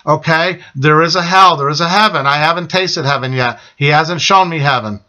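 A man's voice: high voice, moderate pace, pushed and bright, poor audio. A middle-aged man telling an emphatic personal testimony, often repeating "okay?" and addressing listeners as his friends. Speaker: testimony speaker.

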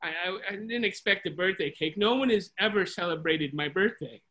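A lonely diner regular, soft-spoken and hurt, as a storyteller voices her in a near-natural tone over a video call, with a bright, clear ring to the sound. the voice stays plain, never theatrical. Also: medium pitch, a little fast, lightly acted. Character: lonely woman at a diner, birthday girl.

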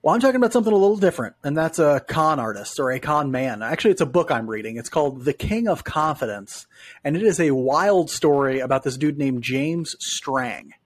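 A man's voice: mid-range voice, animated, moderate pace, husky. A man co-hosting a sports podcast, chatting in a friendly, self-deprecating way. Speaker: podcast co-host. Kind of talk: casual sports chat.

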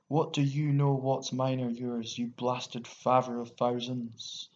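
A man doing a drunk, shouting rebel commandant. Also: medium pitch, little pitch movement, takes it slowly, lightly acted. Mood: furious. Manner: shouting, swaggering. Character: drunk, hot-tempered young male rebel commandant. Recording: dull lo-fi recording with faint hiss.

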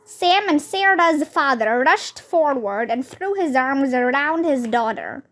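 A woman reading a children's chapter book aloud in a steady, clear storytelling way. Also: high voice, takes it slowly. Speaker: read-aloud narrator.

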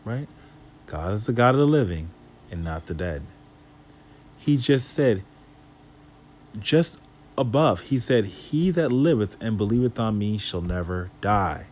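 A man's voice: on the low side, lively intonation, a little slow, pauses often, a little mellow, slight background noise. A man leading a Bible study, reading scripture aloud and breaking it down with rhetorical questions and casual asides. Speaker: Bible teacher.

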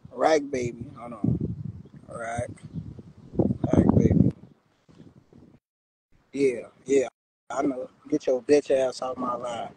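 Gravelly young man taunting on a livestream. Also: medium pitch, a little hiss or hum, poor audio. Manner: loud, swaggering street slang, taunting viewers. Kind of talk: casual livestream talk.

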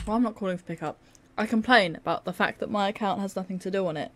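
A woman's voice: medium pitch, quick pace, fairly bright tone. A tired young woman giving casual, sarcastic, self-mocking commentary over her gameplay. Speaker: gaming video creator.

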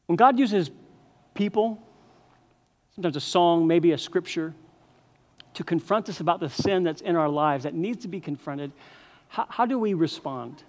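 A male senior pastor delivers a sermon in an earnest, conversational way, often doubling the first word of a phrase. His voice sits fairly high for a man. A long reverb trails his words through the church hall. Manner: earnest, repeats words when starting phrases. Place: church sanctuary.

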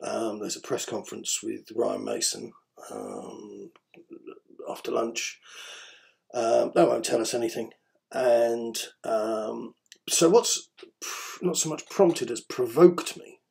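Gravelly, rambling man. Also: medium pitch, dark tone. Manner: rambling, hesitant, many ums, wry. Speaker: podcast host. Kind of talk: casual spoken commentary.

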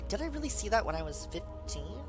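A man in his thirties who is stoned, giving rambling, digressive gameplay commentary with excited outbursts. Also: high voice, fast talker. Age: 30s. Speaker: video game streamer. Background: game music.

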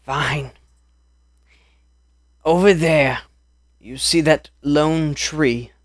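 A man voicing a cryptic old hag who talks slowly and calls people dearie. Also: fairly high pitch, no room sound, clean studio sound, voice pushed up. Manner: slow, coaxing, calls people dearie and sonny.

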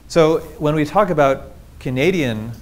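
A man's voice: on the high side, measured pace. Man explaining a lecture with slides. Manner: explanatory, engaged, asks the audience rhetorical questions. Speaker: linguistics lecturer.

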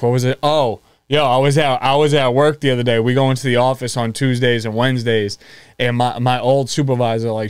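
Boston-accented man, smooth voice. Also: mid-range voice, no room sound, studio quality. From East Boston, USA. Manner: loose, swears a lot, fills with "like". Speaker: podcast guest. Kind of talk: casual chat.

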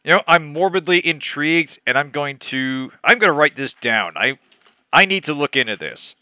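This let's play host, a young adult man, reads a bad novel aloud and stops to laugh and vent at chat. His voice is fairly high and sharp with lively intonation, he speaks at a moderate pace, and the recording is dry.

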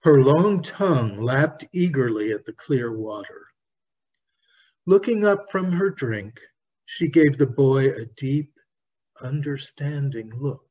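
Slow, husky male storybook reader. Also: mid-range voice, lively intonation, darkish tone. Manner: slow, careful reading aloud. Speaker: author reading his own story. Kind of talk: storybook narration. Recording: dull lo-fi recording.

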